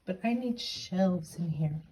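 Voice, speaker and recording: A woman's voice: on the low side, expressive, slow, mellow, slight background noise. A middle-aged woman giving a casual, self-deprecating tour of her home office, slightly out of breath, filmed on a handheld camera. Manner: chatty, self-deprecating asides. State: a little out of breath. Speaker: craft and journaling vlogger.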